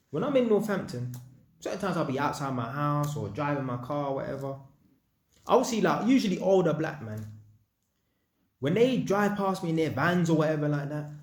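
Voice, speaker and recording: Speaking to camera, a young man from North London tells stories casually in slangy street language with a London accent, lively and voicing the people he quotes. His voice is a little high, and the recording is reverberant.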